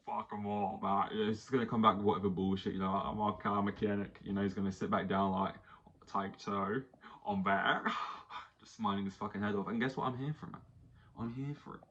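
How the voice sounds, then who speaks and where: Male podcast host, casual animated rant, slightly low voice, dull lo-fi mic. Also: quick pace, a little hiss or hum. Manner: animated, does mock voices for quotes.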